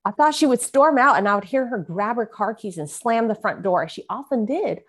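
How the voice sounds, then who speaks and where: A woman's voice: a little high, lively intonation, brisk, slightly rough. Earnest woman reading her memoir. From San Francisco, USA. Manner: earnest, vivid storytelling with emotional emphasis. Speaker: guest author. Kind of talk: memoir reading mixed with conversation.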